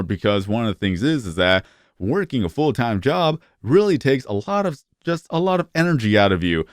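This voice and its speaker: A man's voice: medium pitch, no echo, clean studio sound. Rambling man in his thirties. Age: 30s. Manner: rambling, restarts and stutters. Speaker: YouTuber. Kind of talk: casual vlog talk to camera. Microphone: phone camera.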